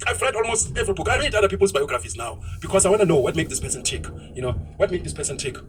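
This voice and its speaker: Fast-talking, high-voiced South African man. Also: very animated, distant mic, slight background noise, low-quality recording. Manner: blunt, ranting, switches into isiZulu phrases. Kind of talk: opinionated podcast talk.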